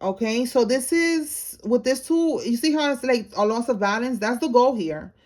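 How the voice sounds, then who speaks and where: A woman's voice: on the high side, moderate pace, darkish tone. A woman giving a casual tarot reading to her viewers, talking in a slangy, blunt way and calling them y'all. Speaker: tarot reader.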